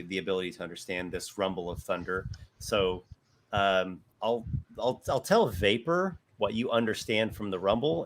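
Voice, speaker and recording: A man runs a tabletop game and describes each scene at an unhurried pace. He pauses often to search for words. His voice sits low, with faint noise behind it. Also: fairly bright tone. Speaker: game master.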